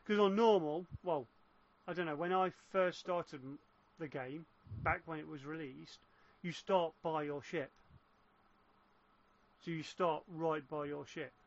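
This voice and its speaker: Guy rambling on about a game, kinda high voice, muffled lo-fi sound. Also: a little slow. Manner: rambling, explaining at length with restarts. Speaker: gamer in casual chat. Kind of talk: casual chat. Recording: muffled lo-fi voice chat.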